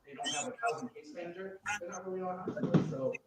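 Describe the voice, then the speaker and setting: A man with a slightly raised voice sums up a group discussion at a community meeting. He talks loosely with many fillers. He is heard from far away in a very echoey room with clear background noise. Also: high-pitched, steady tone, fast talker, a crowd in the background. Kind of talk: public meeting report-back. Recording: distant echoing room mic, noisy.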